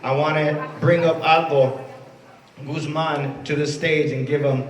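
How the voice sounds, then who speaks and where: Distant emcee introducing speakers. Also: male voice, a little high, fairly even intonation, a little slow, dull audio, very noisy. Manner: warm introductions with Spanish words mixed in. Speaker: master of ceremonies. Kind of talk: emceeing a ceremony. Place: event space at a college. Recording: echoey room from far off.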